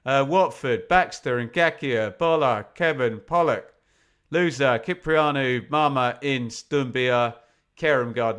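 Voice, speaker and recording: A man from England giving live football commentary on a fan watch-along, chatty and opinionated, with sudden bursts of excitement when chances come. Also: mid-range voice, slow, clean tone. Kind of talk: live football commentary mixed with casual chat.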